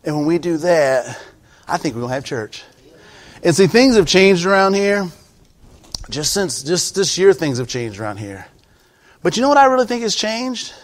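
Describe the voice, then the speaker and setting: High-voiced preacher, shouting and hushed. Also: male voice, very animated, normal speed, long pauses. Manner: preachy, swings from hushed pleading to loud shouting. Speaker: pastor. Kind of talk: sermon.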